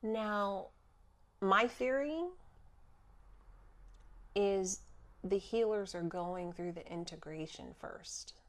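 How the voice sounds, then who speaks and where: Animated woman guest, laughs often. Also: mid-range voice, takes it slowly, long pauses. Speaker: guest, spiritual healer. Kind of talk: casual spiritual chat.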